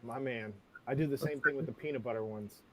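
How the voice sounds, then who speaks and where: A man's voice: medium pitch, fast. A man hosting a casual chat, playful, throwing out bold opinions and laughing often. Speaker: host.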